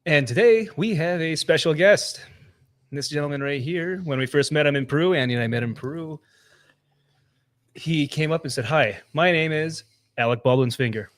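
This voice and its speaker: A man's voice: fairly high pitch, normal speed. Upbeat jokey guy hosting a friday podcast, chill chat. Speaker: podcast host. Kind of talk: casual chat.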